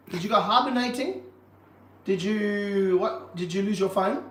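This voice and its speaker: A man running a casual livestream from his reptile room, excitable and jokey, full of slang. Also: sits high, normal speed, roomy sound, rough recording. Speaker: reptile park owner and streamer.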